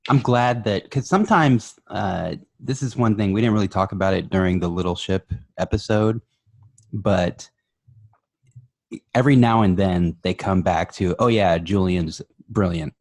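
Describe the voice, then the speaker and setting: A man's voice: sits low, normal speed. A man co-hosting a podcast in casual chat, laid-back and wry. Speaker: podcast co-host.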